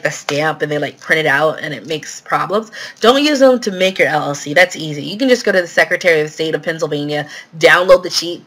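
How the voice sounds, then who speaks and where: A woman's voice: lowish voice, a bit bright. A woman hosting a live question-and-answer stream, talking casually with lots of fillers as she answers viewer questions. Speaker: real estate investing host.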